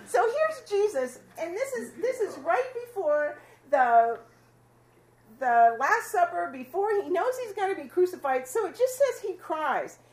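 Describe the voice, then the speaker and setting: A woman teaches scripture to her small fellowship in a relaxed, chatty way. Her voice sits high, and she often breaks into laughter with the group. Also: a little slow. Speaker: Bible study leader.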